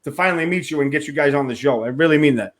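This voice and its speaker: A man with a Queens New York accent hosting a rock interview show, talking in a brash, excitable way and swearing freely. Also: fairly high pitch, racing. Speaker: podcast host. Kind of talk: casual rock interview chat.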